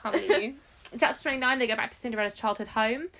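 A bright, slightly high-pitched woman talks through a book in a casual podcast chat. She is chatty and quick to laugh. She keeps slipping into little acted quotes of the characters. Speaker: podcast co-host.

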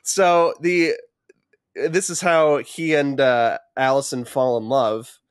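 A man's voice: mid-range voice, steady tone, slow, clear, resonant tone, no room sound, clean studio sound. A man co-hosting a podcast, recapping a film in casual chat, swearing often and laughing as he acts out scenes. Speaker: podcast co-host.

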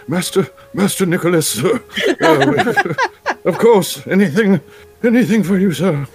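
A man's voice: high voice, animated, husky, voice pushed up, heavily acted. A man playing a servile male butler who addresses his master formally. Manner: obsequious, drawn-out address.

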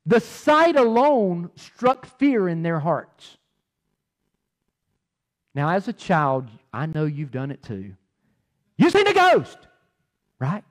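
Animated pastor, high lively voice. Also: male voice, slow pace, long pauses. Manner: animated, repeats words, swings loud and soft. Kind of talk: sermon.

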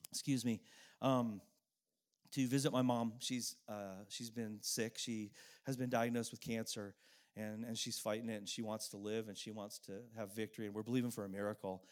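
A middle-aged man preaching a sermon as a pastor, earnest and emotional, telling a personal story with pauses and repeated phrases. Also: fairly low pitch, little pitch movement.

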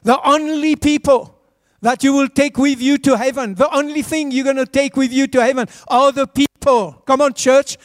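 A man's voice: extremely high pitch, no room sound, studio quality. A man preaching a sermon as a pastor in a church, urging the congregation to answer back. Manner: urges the congregation to respond.

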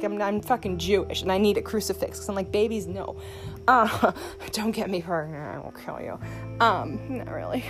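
A young woman hosts a solo podcast, speaking into her phone. She rambles, swears and is sarcastic, with sudden leaps in pitch.

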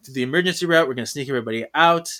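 A man's voice: mid-range voice, very fast, pushed and bright, natural voice. A man voicing a bossy young woman handing out orders in a commanding way.

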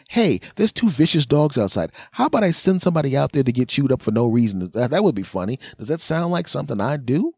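A man's voice: mid-range voice, no room sound, studio quality. A man hosting a podcast, telling a rambling comic story and acting out the people in it. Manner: rambling, animated, acts out voices. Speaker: comedian podcast host.

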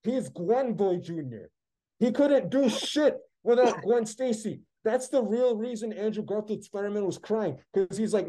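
A man's voice: sits high, expressive, a little slow, warm tone. A man co-hosting a podcast, ranting in a heated, sarcastic way during casual chat. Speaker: podcast co-host.

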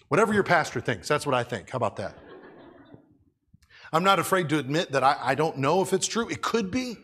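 Conversational preacher man, somewhat high voice. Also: big pitch swings, moderate pace, pauses often, fairly bright tone, breathy edge. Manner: conversational, asks the congregation rhetorical questions. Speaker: pastor. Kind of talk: sermon.

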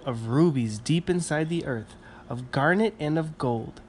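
A kindly winter dragon out of a bedtime storybook, as a man puts him on. He speaks gently and soothingly and means to keep the child safe, with a faint hiss of background noise. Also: on the high side, a little slow, voice pushed up, natural voice. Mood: gentle.

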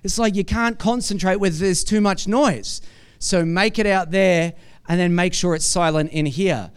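A man with a fairly high voice delivers a sermon in an easygoing, conversational way. His tone stays smooth and clear as he keeps asking the congregation "right?" and acts out small everyday scenes. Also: a little slow. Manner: animated storytelling with acted-out asides. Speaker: preacher.

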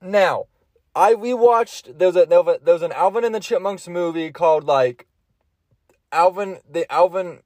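A man's voice: high-pitched, normal speed, a little mellow, dry recording. A young man hosting a solo podcast, rambling and swearing as he retells a cartoon plot, often breaking into laughter. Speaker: podcast host.

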